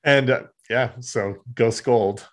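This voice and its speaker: A man's voice: medium pitch, slow pace. A man co-hosting a podcast, casually recapping a comic and acting out the characters' lines in silly voices. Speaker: podcast co-host.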